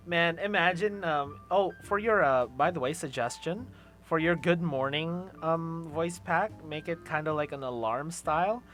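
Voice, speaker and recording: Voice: medium pitch, a little slow, fairly bright tone, soft background music. A streamer hosting a casual chat, playful and laughing often, trailing off into fillers. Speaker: streamer host.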